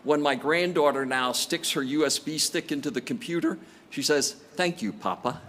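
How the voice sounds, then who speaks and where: A man's voice: fairly high pitch, fairly even intonation, moderate pace, noisy background. A man in his sixties giving a commencement address, telling stories with self-deprecating jokes. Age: 60s. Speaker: commencement speaker. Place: large outdoor graduation ceremony.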